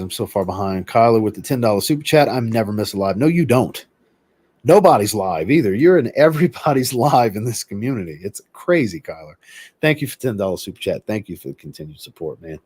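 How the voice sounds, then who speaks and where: A man hosting a livestream and chatting casually, reading viewer comments aloud and answering them in a relaxed, rambling way. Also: fairly low pitch, no echo. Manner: relaxed, rambling, with filler words. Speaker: host.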